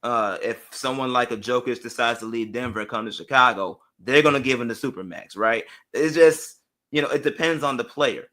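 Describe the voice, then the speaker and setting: Guest dude on a sports show, bright edgy voice, opinionated, trips over his words a bit. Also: medium pitch, fairly quick. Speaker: guest analyst. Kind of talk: casual sports talk.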